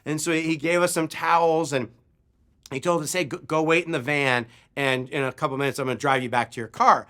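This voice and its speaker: A man preaching with a bright, forceful voice that sits a little high. He tells a story with animated delivery and acts out the shouts in it. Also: fairly quick. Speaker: pastor. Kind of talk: sermon storytelling.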